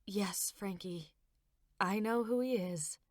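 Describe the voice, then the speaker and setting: A woman voicing a young mother who speaks softly and carefully, gently anxious. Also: mid-range voice, slow pace, no room sound, studio quality. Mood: gentle. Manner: soft and careful.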